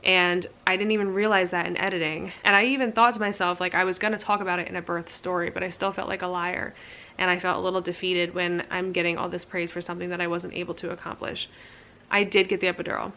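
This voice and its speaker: A woman's voice: lowish voice, flat delivery, fast, sharp tone, slight background noise. A young woman casually telling her birth story to camera, candid and chatty, full of "like" fillers and self-mocking laughs.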